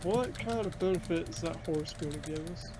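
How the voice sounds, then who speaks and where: A man's voice: fairly high pitch, moderate pace, noisy background. A man playing in an online tabletop game, chatting in a laid-back, offhand way. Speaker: player. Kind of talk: casual tabletop play chat.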